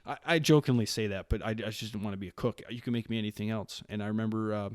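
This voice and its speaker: A man in his late thirties, originally from Wisconsin, tells stories as a podcast guest in a relaxed and lively way. He often restarts his sentences and does the voices of the people in his stories. The recording is dry and close, with no room sound. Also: lowish voice, racing, clear, resonant tone, dry recording. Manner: animated storyteller who acts out quoted lines, with frequent restarts. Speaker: podcast guest, Marine staff sergeant. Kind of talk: casual storytelling interview.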